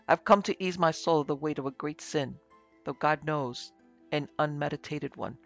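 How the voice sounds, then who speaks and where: A man's voice: fairly high pitch, normal speed, fairly bright tone, highs cut off, soft background music. A man voicing a terrified, guilt-stricken German chemistry lecturer who speaks huskily and raves. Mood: frantic. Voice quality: husky. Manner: frantic, raving.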